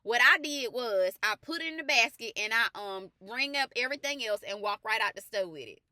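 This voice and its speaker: A woman who works as a faith life coach, telling a personal testimony in an animated, colloquial way that turns to earnest preaching with repeated emphatic phrases. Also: on the high side, fairly quick, no room sound, clean studio sound.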